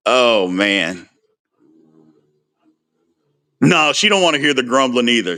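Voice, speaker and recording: Male sports-stream host with a bright voice, loose and animated, replying to viewers. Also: medium pitch, normal speed, hardly any pauses. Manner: animated, answers viewer comments by name. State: frustrated. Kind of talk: casual livestream chat.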